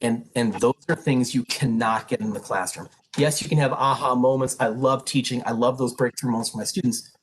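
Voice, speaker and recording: A man's voice: mid-range voice, fairly even intonation, brisk, few pauses, a little hiss or hum, poor audio. A middle-aged man advising prospective pre-health students, talking in an earnest, emphatic and direct way. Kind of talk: info session talk to prospective students.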